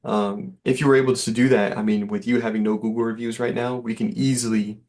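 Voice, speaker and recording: A man's voice: medium pitch, flat delivery, fairly quick, a little mellow. A man giving an easygoing, reassuring sales demo over a call, with lots of fillers. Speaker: software sales rep.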